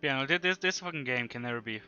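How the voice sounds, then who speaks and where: A man's voice: mid-range voice, animated, quick pace, sharp tone, clear, resonant tone, lo-fi sound, faint music behind. A man player in a casual game chat, joking and exasperated, swearing now and then.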